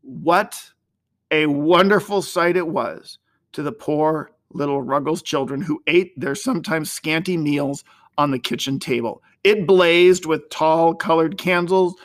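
A man narrating an old-fashioned storybook in an expressive, gently dramatic way. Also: fairly high pitch, a little slow.

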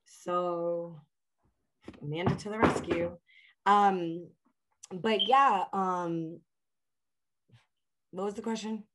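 Chatty woman, lowish voice. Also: steady tone, drawn-out words, pauses often, a little hiss or hum. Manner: chatty, lots of "like" and "um" fillers; reflective and earnest about her purpose. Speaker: interview guest. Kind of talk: casual interview chat.

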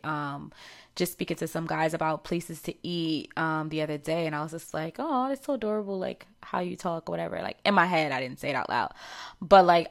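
A woman's voice: sits low, a bit bright. A woman in her thirties from New York with a New York accent, hosting a podcast in a chatty, slangy way with lots of fillers. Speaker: podcast host. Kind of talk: casual solo chat.

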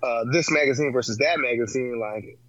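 A man's voice: medium pitch, a little fast, highs cut off, noisy background. A young man co-hosting a casual sports podcast, throwing in teasing quips. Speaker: podcast co-host.

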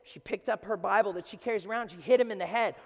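Passionate high-voiced male preacher, building to shouts, long church reverb. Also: quick pace. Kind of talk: sermon.

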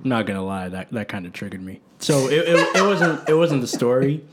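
A man co-hosting a podcast, chatting casually in an animated way. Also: mid-range voice, a little fast, heavy background noise. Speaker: podcast co-host. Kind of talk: casual chat.

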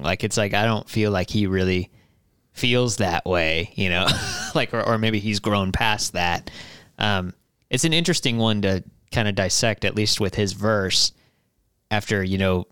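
Midwestern guy, young, low smooth voice, casual rambling co-host, dry close sound. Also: lively intonation, moderate pace, a bit bright, no room sound. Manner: rambling, full of fillers and restarts. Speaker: podcast co-host. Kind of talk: casual music discussion.

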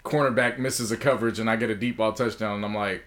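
A man's voice: lowish voice, fairly even intonation, quick pace, noisy background. A man co-hosting a podcast, reminiscing in casual chat. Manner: reminiscing, sings snippets loudly. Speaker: podcast co-host.

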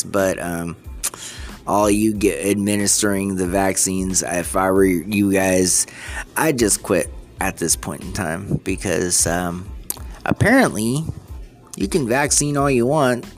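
A vlogger in an unscripted ranting monologue, exasperated and rambling, often restarting sentences. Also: sits low. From United States.

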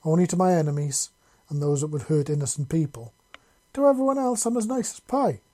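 A man's voice: fairly high pitch, expressive, dark tone. A man doing a menacing drawling wanderer. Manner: mock-polite, slow and threatening.

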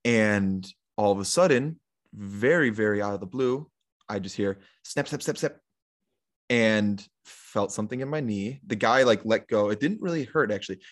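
A young man talking casually as a podcast guest, telling a long story in a relaxed, rambling way full of fillers and retold quotes. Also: lowish voice, normal speed.

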